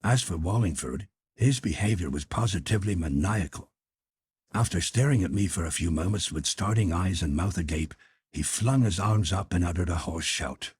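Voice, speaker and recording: A man reading a classic mystery in first person at a measured, even pace. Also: low voice, breathy edge, no echo, studio quality. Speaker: audiobook narrator. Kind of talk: first-person audiobook narration.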